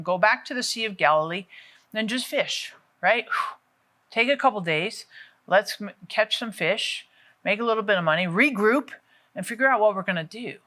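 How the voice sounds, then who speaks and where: A woman in middle age teaches from the Bible in a relaxed, conversational way. Her voice is bright and clear, at an ordinary pitch. She tells the story with animation and acts out what the people in it say. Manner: lively storytelling, acting out quotes.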